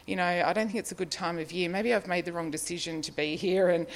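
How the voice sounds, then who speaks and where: A middle-aged Australian woman with a low voice shares a personal recovery story. She rambles a little, leans on fillers and laughs at herself often. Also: steady tone, fast. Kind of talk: personal testimony, casual storytelling.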